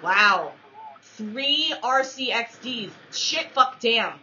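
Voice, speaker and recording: Bright, lively woman gamer trash-talking. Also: a little high, very slow, a little hiss or hum. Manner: playful trash talk with mock-formal phrasing; excitable yelps and laughs. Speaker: gamer commentating her own match. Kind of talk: let's-play commentary. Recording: dull lo-fi recording.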